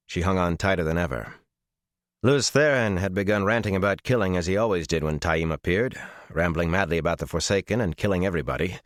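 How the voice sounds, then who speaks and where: A man narrating a fantasy audiobook in a measured, dramatic storytelling manner. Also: low voice, dry recording, clean studio sound.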